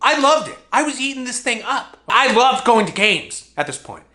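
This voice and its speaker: A man's voice: very high-pitched, very animated, moderate pace, pushed and bright. A young man telling a comedic childhood story in a vlog, exaggerating and laughing at his own jokes.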